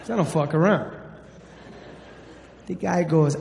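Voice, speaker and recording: A man's voice: sits high, a little slow, a little hiss or hum. A man from New Jersey doing a brash, profane stand-up routine. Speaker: stand-up comedian. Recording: live club, echoey hall.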